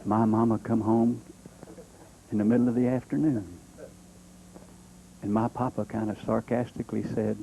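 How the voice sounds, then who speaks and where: A man's voice: on the low side, level tone, normal speed, vocal fry, pauses often, mellow, a little hiss or hum, rough recording. A man doing a drawling country-boy comic. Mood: droll. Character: folksy Southern country-boy comic storyteller, male. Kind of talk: stand-up comedy monologue.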